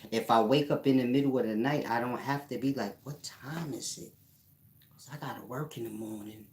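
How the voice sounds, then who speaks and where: A man with a mid-range voice speaking at normal speed hosts a casual livestream, reading chat and replying in a blunt, mocking, profane way. The room sounds spacious, with loud music playing behind him.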